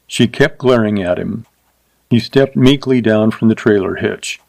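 A man narrating a short story in a measured, even reading voice. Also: lowish voice, creaky, dry recording.

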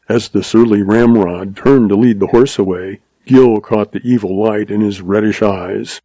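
A man narrating a western audiobook in a steady storytelling voice. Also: on the low side, normal speed, hardly any pauses, no echo, low-quality recording.

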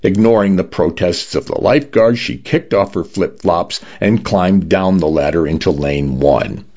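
Deep gravelly male audiobook narrator. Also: a little slow. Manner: expressive storytelling. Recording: dull lo-fi recording.

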